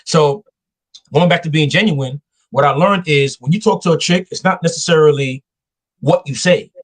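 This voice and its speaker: A man's voice: on the high side, normal speed, husky. A man hosting a live talk show, giving casual dating advice and acting out quoted voices as he tells stories. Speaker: show host.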